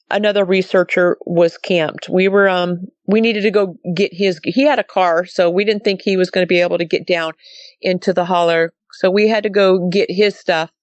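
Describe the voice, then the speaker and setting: A woman's voice: mid-range voice, no echo. Woman guest from Montana, casual storyteller who quotes everyone, dry dull remote audio. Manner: chatty, quotes others with "he goes" and "I said". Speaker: guest telling a sighting story.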